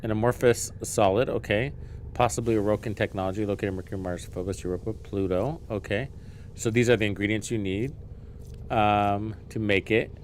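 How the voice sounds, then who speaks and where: A man's voice: lowish voice, fairly even intonation, brisk, a little mellow, slight background noise. Chatty man streaming a game. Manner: chatty, thinking aloud, swears casually. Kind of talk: casual live-stream chat.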